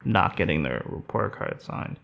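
Earnest man, low gravelly voice, slightly dull audio. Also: expressive, moderate pace.

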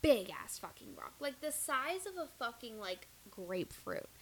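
A woman's voice: a little high, normal speed, slight background noise, rough recording. A young woman co-hosting a podcast, telling a story expressively, swearing and acting out what people said. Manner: expressive, profane, acting out quotes. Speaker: podcast co-host. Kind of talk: casual storytelling chat.

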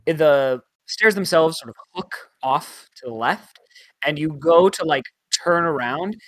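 A man narrating a tabletop game as game master, in a chatty, halting way with many fillers. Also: fairly high pitch, no echo, low-quality recording.

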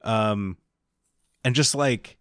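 A man co-hosting a podcast, rambling through joking pitches in casual chat. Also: drawn-out words, fairly bright tone, smooth, no echo, clean studio sound. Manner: rambling, riffing on mock show ideas. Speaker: podcast co-host.

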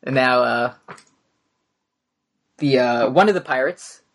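A man's voice: medium pitch, slow, a bit bright. A man narrating as game master in a tabletop game, casual and full of fillers. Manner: casual, hesitant with many fillers.

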